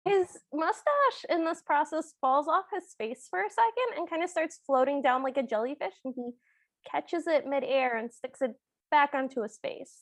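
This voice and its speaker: A woman with a high, light voice trades playful, deadpan quips on a podcast, laughing easily between lines. The recording is close and dry, with no reverb at all. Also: moderate pace. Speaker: podcast co-host. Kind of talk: casual podcast chat.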